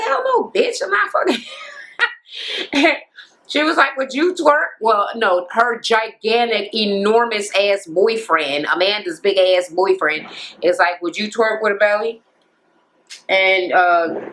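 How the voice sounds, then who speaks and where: A woman's voice: medium pitch, fairly bright tone, rough recording. Blunt, profane woman ranting a recap. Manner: profane, blunt and opinionated, acting out quotes. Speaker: reality TV recap vlogger. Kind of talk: casual rant recapping a show. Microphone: camera mic.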